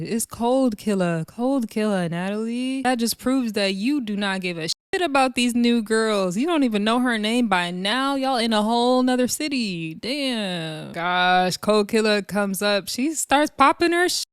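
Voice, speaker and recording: A woman's voice: fairly high pitch, clear, resonant tone, no echo, clean studio sound. Gossipy woman reviewing reality TV. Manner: chatty and gossipy, laughing often, mimicking cast members. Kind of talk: casual reaction commentary.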